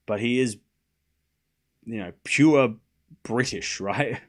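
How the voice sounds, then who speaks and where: An Australian man on a live tennis watchalong, riffing straight at his chat in a loose, animated rant. He mocks his viewers with put-on voices and keeps up a teasing back-and-forth. His voice sits at an everyday middle pitch. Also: slow. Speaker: livestream tennis host. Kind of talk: casual ranting chat to viewers.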